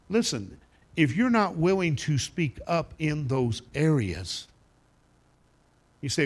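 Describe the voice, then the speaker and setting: A man preaching a sermon to a congregation, animated and emphatic, sometimes acting out the voices of others. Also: a little high, takes it slowly, pauses often. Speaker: pastor.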